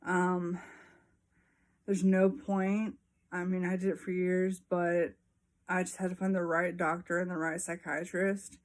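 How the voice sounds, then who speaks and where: A young woman speaks plainly and candidly to her viewers, sharing personal experience. She talks slowly, her voice sitting a little low, and she fills her pauses with frequent ums. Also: flat delivery. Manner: frank and unhurried, frequent ums. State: a little out of breath. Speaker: vlogger. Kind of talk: casual personal talk to camera.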